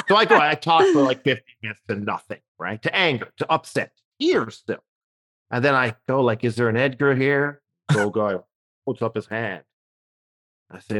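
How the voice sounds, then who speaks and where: Animated man telling a story. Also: medium pitch, normal speed. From Newfoundland, Canada. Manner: animated anecdote telling, acts out voices. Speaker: comedian guest. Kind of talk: casual storytelling chat.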